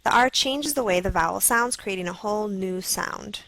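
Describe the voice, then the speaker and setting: A woman with a gravelly edge reads a scripted phonics lesson, slowly and clearly sounding out each letter. The recording is dry and close, with no room sound. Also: mid-range voice, a bit bright, no echo, low-quality recording. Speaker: lesson video narrator. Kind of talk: scripted instructional narration.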